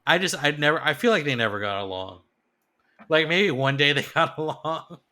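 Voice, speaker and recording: Bright, lively, hesitant man musing aloud. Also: on the high side, normal speed. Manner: hesitant, musing, with many "I don't know"s and "like"s. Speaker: podcast co-host. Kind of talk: casual chat.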